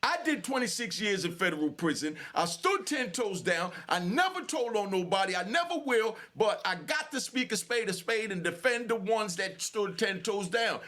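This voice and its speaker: This channel host, an older man from New York, is angry and sweating as he speaks heatedly to the camera in emphatic, repetitive street talk full of fillers. His voice is high for a man, bright and forceful, with lively intonation. He talks at normal speed with hardly any pauses.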